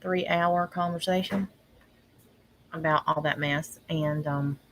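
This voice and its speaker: A woman ranting in casual livestream commentary, exasperated and pausing often with ums. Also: low-pitched, fairly even intonation, low-quality recording. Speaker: online commentator.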